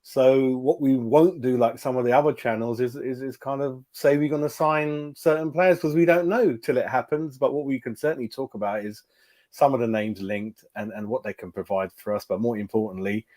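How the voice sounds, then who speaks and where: A man hosts a relaxed fan talk show in an easy, chatty way. His voice sits at an ordinary middle pitch, and he stumbles over his words, repeating them and filling gaps with ums. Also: moderate pace. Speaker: host. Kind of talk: casual chat.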